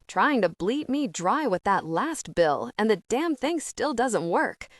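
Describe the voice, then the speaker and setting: A woman's voice: fairly high pitch, sing-song, unhurried, no room sound, studio quality, recorded from a distance. A woman voicing a crotchety older male customer who barks and grumbles, in an audiobook. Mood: griping. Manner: barking, gruff and grumbling.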